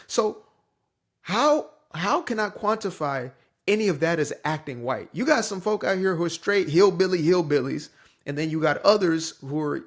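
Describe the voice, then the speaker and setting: Young man commentator, higher-pitched, emphatic and conversational, from the Bay Area. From San Francisco Bay Area. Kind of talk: casual opinion monologue.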